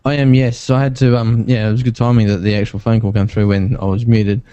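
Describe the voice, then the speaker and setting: An Australian man talks in a low, flat, matter-of-fact way. His tone is mellow and smooth. It comes through a dull, lo-fi remote line. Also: fast talker, dry recording. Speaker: podcast co-host. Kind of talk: casual podcast chat.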